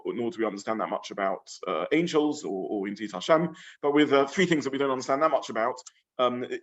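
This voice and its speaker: A man, a rabbi teaching a weekly Torah class to a live group in a study room, talking thoughtfully and haltingly with many fillers and restarts. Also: medium pitch. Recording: slightly dull lo-fi room recording.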